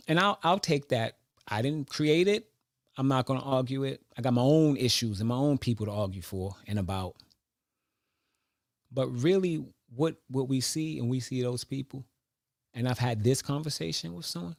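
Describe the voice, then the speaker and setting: A man's voice: medium pitch, expressive, normal speed, vocal fry, dry recording, clean studio sound. A man speaking in a reflective personal monologue, searching for words with frequent restarts.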